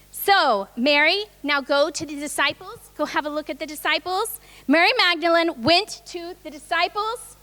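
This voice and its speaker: A woman's voice: extremely high pitch, normal speed, sharp tone. A woman leading a children's Easter reenactment in a church, upbeat and coaxing as she directs the kids into place. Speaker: children's presentation leader.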